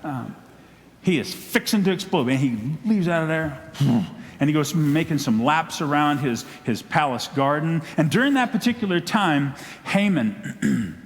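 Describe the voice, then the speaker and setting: Southern preacher telling a bible story all animated, kinda high voice, big echoey church. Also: male voice, unhurried. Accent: Southern American. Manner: animated storyteller, acts out scenes. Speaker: pastor. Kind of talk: sermon. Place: church sanctuary. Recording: long church hall echo.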